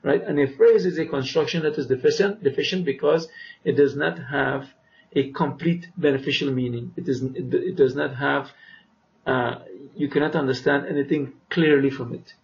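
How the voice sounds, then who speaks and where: A man teaching vocabulary, who says each word slowly twice, explains it, and often checks with "right?". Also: medium pitch, gravelly. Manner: asks "right?" to check understanding. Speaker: Arabic teacher. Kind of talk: vocabulary lesson. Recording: dull lo-fi recording.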